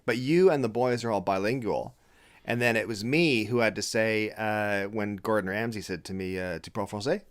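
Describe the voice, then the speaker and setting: A man's voice: fairly low pitch, moderate pace. A playful, jokey man from Canada hosts a casual live-streamed chat. He reads viewers' comments aloud and keeps things loose and teasing. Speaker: show host.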